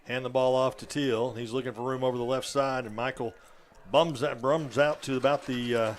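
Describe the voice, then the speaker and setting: Male play-by-play announcer, steady calls, faint ambience. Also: medium pitch, normal speed, slight background noise. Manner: steady play-calling with fillers. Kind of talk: high school football commentary.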